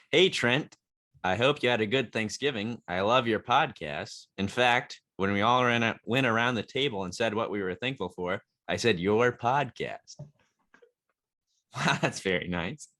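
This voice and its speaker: A man's voice: fairly low pitch, unhurried, sharp tone. A man hosting an advice podcast, chatting casually and joking, laughing often. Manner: laughs often, jokey and upbeat. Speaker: podcast host.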